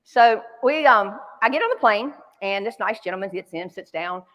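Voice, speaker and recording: Long hall reverb surrounds this woman's medium-pitched, expressive voice as she talks at normal speed with a fairly bright tone. She's a keynote speaker from North Carolina with a Southern accent, chatty and self-deprecating as she tells stories in a large conference hall.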